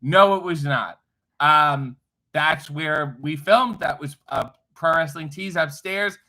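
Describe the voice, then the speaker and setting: A man's voice: fairly high pitch, slow, sharp tone, rough recording. A man hosting a casual livestream, reading viewer comments aloud with irreverent, wry, profane asides. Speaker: livestream host reading chat. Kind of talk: casual live chat.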